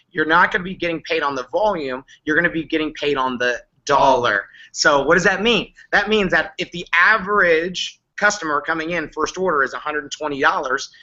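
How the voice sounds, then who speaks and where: A man giving an upbeat business presentation, excited and repetitive, his voice worn and going hoarse. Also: fairly high pitch, highs cut off. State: losing his voice. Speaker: company leader on a recap call.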